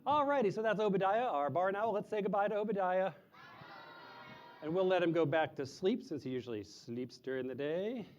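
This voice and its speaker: A man's voice: lively intonation, a little fast, darkish tone, lo-fi sound, slight background noise. A man presenting live animals to a group of children, chatty and explaining in simple terms, sometimes hooting like an owl. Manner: imitates owl hoots in a high voice. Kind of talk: live animal show for kids.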